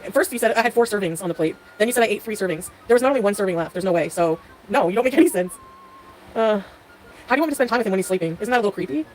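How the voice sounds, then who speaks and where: A woman's voice: medium pitch, lively intonation, rapid-fire, slight background noise, poor audio. A woman hosting a live stream, answering chat commenters by name in a sarcastic, joking way and laughing often. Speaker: livestream host reading chat.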